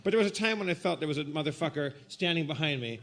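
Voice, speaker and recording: A man telling a comedic story at a live show, animated and prone to shouted re-enactments. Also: a little high, very fast. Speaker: guest storyteller.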